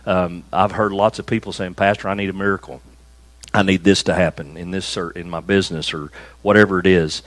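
A man preaching a conversational sermon to a small church room, slowing down to stress key phrases. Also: sits low, steady tone, no echo, poor audio. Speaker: pastor.

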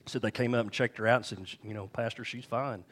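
A man's voice: medium pitch, steady tone, brisk, fairly bright tone. A man preaching a sermon to his congregation, telling stories in a folksy, conversational way. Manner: folksy storytelling, addresses congregation directly. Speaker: pastor. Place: church.

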